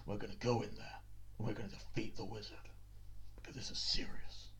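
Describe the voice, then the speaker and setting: A man voicing a grim, serious hero who speaks in a terse, deadpan, hushed way, on a dull lo-fi recording. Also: lowish voice, a little fast, gravelly, whispered, heavily acted.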